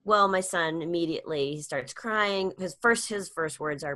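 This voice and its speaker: A middle-aged woman, a comedian and speaker, telling a personal story in a casual interview, acting out quoted lines with sudden high-voiced jumps. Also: normal speed, bright, forceful tone. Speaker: guest, comedian and public speaker.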